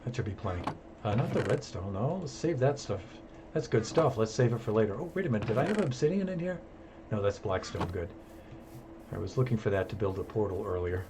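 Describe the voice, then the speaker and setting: A man's voice: lowish voice, animated, a little fast, background noise. A man chatting through live gameplay commentary, self-amused and handing out jokey tips. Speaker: streamer.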